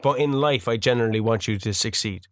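A man's voice: mid-range voice, fast talker, dry recording, studio quality. A young Irish man co-hosting a casual podcast, heckling and teasing his friend with plenty of swearing. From Ireland. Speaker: podcast co-host. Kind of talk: casual banter.

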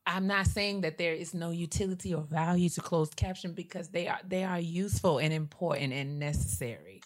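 A woman co-hosting a podcast in casual chat, animated and emphatic, repeating phrases for effect. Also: lowish voice, a little fast. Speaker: podcast co-host.

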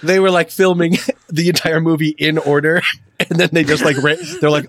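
A man, a podcast co-host, chatting casually with quick wisecracks and frequent laughter. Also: a little high, level tone, fairly bright tone. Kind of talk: casual chat.

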